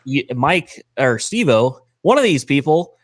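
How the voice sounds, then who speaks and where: A man's voice: medium pitch, big pitch swings, measured pace, no echo, clean studio sound. A man co-hosting a casual podcast, rambling and laughing as he tells loose, slangy stories. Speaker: podcast co-host and roof cleaner.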